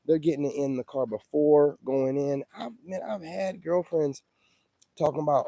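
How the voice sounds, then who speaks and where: Dark-voiced man ranting on a livestream. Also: on the high side, a little fast, vocal fry, slightly rough, dry recording. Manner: loose, emphatic, keeps asking "you know what I'm saying". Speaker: livestream host. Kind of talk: casual livestream chat.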